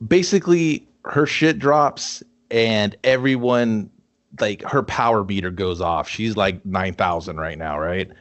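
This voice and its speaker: A man's voice: lowish voice, unhurried. A man co-hosting a casual movie review podcast, joking crudely and slipping into mock voices as he recaps the plot. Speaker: podcast co-host.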